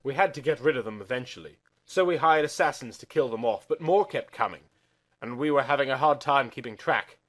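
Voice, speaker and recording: A man's voice: medium pitch, animated, brisk, fairly bright tone. A man doing a weary, sighing army doctor. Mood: exasperated. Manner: sighing, exasperated.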